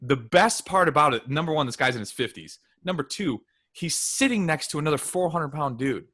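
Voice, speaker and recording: A man from Michigan co-hosting a podcast, telling stories in a casual, animated way with quick asides. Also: on the high side. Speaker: podcast co-host.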